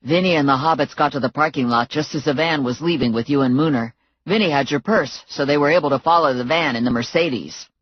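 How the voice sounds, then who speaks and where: A steady, capable security man, as a woman narrator plays him explains things in a low, even voice. Nothing rushes him. The recording is dry and slightly muffled. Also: slightly rough, no echo. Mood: calm. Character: calm, capable male security expert.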